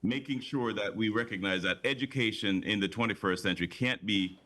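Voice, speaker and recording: A man's voice: on the low side, brisk, sharp tone. A man speaking as a guest on a morning TV show, eager and promotional, often repeating words as he builds his point. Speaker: conference organizer, guest. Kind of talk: studio interview.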